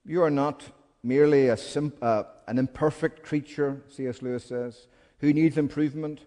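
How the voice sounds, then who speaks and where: A man's voice: a little high, steady tone, normal speed. Impassioned preacher man in a reverberant hall. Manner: impassioned, swings from hushed pleading to loud urgent calls. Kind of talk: sermon.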